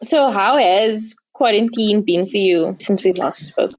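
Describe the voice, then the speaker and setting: A woman's voice: mid-range voice, measured pace. A woman hosting a podcast interview, asking playful, teasing questions and laughing along. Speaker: podcast host.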